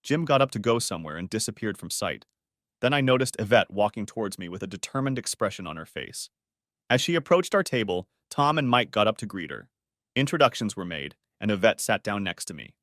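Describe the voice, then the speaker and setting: A man reads a scripted story aloud with expressive narration. His voice sits low yet moves with a lively, wide pitch. The recording is dry and close. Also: fairly quick, no room sound.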